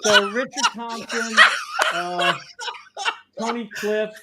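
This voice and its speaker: A man talks casually from his art studio over a webcam, animated and quick to laugh at himself. His voice sits a little high. The sound is a plain video-call feed. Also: heavy background noise. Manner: animated, laughing, self-deprecating. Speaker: guest cartoonist. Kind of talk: casual chat.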